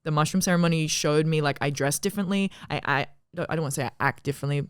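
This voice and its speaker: A woman's voice: sits low, rapid-fire, smooth, no room sound, studio quality. An Australian woman, a comedian, chatting on a podcast in a frank, emphatic way with plenty of swearing. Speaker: comedian guest. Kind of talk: casual podcast chat.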